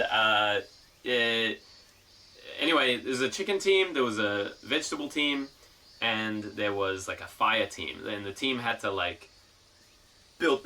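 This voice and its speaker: A man chatting casually to his live stream, telling a story in a profane, rambling, animated way. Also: fairly low pitch, distant mic, slight background noise. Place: outdoors in the mountains.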